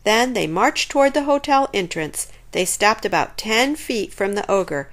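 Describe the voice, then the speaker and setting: A woman reading a children's chapter book aloud in an expressive, lively way. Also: mid-range voice, a little slow. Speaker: storyteller.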